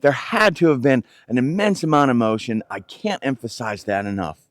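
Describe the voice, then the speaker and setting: A man's voice: medium pitch, no echo, studio quality. A man teaching scripture in a conversational way, often stumbling over and repeating words as he explains. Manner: halting, repeats words and restarts phrases. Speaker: Bible teacher.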